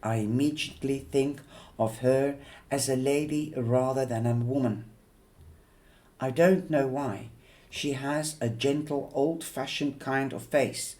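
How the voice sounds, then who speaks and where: A man reading a novel aloud in a measured, unhurried way. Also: mid-range voice, a little mellow. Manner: slow, measured, with occasional fillers and restarts. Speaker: audiobook reader.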